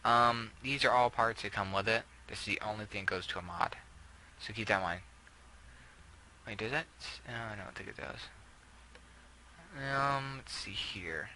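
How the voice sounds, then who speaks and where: A man's voice: lowish voice, bright, forceful tone, a little hiss or hum, rough recording. A young man casually talking through a game build, rambling with many fillers and self-corrections. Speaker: gameplay video creator.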